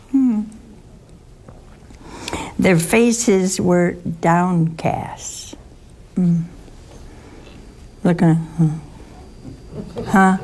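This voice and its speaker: A woman's voice: mid-range voice, takes it slowly, pauses often, a little mellow. An older woman teaching a Bible lesson, chatty and teasing, asking her listeners questions. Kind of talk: sermon-style Bible teaching.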